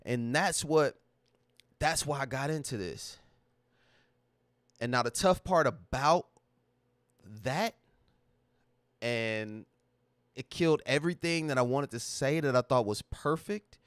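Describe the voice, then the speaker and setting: A man's voice: medium pitch, slow, pauses often, fairly bright tone, no echo, clean studio sound. A man hosting a livestream, talking casually to his chat in a candid, emotional, slang-heavy way that repeats itself. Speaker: livestream host.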